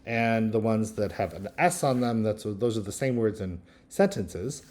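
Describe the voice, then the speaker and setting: A man teaching linguistics, talking through a screen-recorded software tutorial in a relaxed, thinking-aloud way with frequent ums. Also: on the low side, measured pace. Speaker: linguistics instructor.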